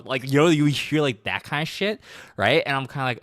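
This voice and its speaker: A man's voice: mid-range voice, fast talker, a bit bright, no room sound. A man streaming while drawing, telling stories in a rambling, casual way with many fillers and restarts.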